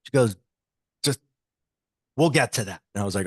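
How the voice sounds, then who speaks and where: A man guest on a podcast, telling a personal story in an animated way and acting out the dialogue he quotes. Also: medium pitch, a little fast, long pauses, slightly rough, no room sound.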